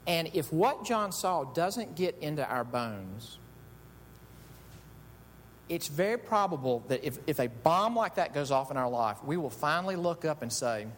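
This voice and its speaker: A middle-aged man preaching a sermon, telling stories with animated delivery that swings from quiet asides to loud shouts. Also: measured pace. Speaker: pastor. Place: church sanctuary. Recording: echoey hall with faint rumble.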